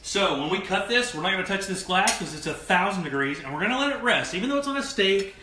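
A man hosting a live cooking show, talking in an animated, emphatic, joking way while he cooks. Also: high-pitched, fast talker, roomy sound, noisy background. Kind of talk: live cooking demo chat.

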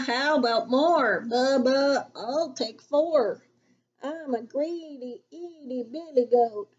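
A woman's voice: sits high, highs cut off, full character voice. A woman voicing a greedy, hungry billy goat singing a bleating song in a children's book reading.

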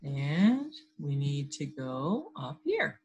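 A woman's voice: deep voice, big pitch swings, very slow, a little mellow, slight background noise. A woman teacher leading an online class, upbeat and talking through each step. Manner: upbeat, talks through her screen steps.

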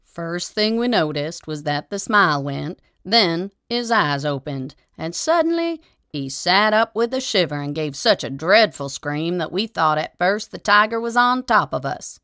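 A woman narrating a short story aloud in a steady, measured storytelling manner. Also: fairly low pitch, no echo, studio quality. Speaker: audiobook reader.

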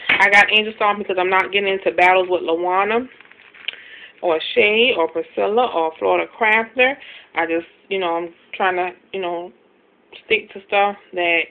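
A woman's voice: mid-range voice, fairly even intonation. Chatty woman over a tinny line. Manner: quick, chatty, self-deprecating, lots of ums. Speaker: couponing vlogger showing a grocery haul. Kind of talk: casual haul video talk. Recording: tinny phone-like sound, faint hiss.

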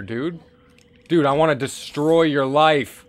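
A man's voice: on the high side, unhurried. A man commentating a video game, joking and swearing as he plays. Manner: excitable, joking, swears often, reads game text aloud. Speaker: gameplay commentator. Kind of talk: profane let's-play commentary.

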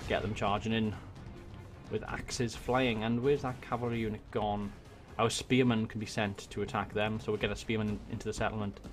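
Excitable Welsh man narrating a game. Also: lowish voice, normal speed, faint music behind. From Wales. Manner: excitable, swears and mutters to himself, bursts into shouts at charges. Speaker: gaming YouTuber. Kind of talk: let's-play commentary. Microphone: desk USB microphone.

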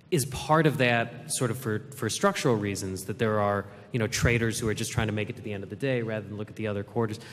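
A man moderating an onstage fireside chat, asking long questions in a halting, searching way. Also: on the low side, a little hiss or hum. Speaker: moderator, journalist. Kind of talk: interview questions on a stage. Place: event hall. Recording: long hall reverb.

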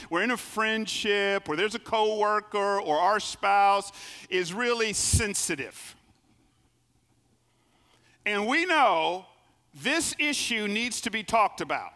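A man preaching a sermon as pastor, telling stories and acting out the voices of the people in them. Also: high voice. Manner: lively storytelling preacher, acts out quoted voices. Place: church sanctuary. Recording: long reverb of a large hall.

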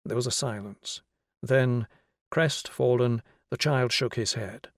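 A man with a mid-range voice narrates a novel as an audiobook, telling the story in a measured, even way. The sound is dry and studio-clean.

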